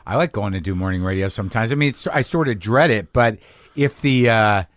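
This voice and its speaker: A man's voice: lowish voice, brisk, no echo. A man hosting a podcast, musing in a rambling, self-deprecating way and chatting casually with a guest. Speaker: podcast host. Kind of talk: casual chat.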